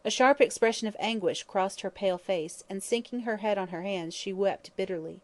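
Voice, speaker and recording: A woman narrating a classic mystery novel in measured, expressive storytelling. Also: mid-range voice. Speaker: audiobook narrator. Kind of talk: scripted narration.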